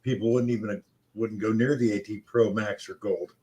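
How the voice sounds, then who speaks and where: A man's voice: on the low side, fairly even intonation, normal speed, warm tone. An agreeable man co-hosting a live stream. He chimes in with short remarks and greets viewers. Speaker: stream co-host. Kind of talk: casual live stream chat.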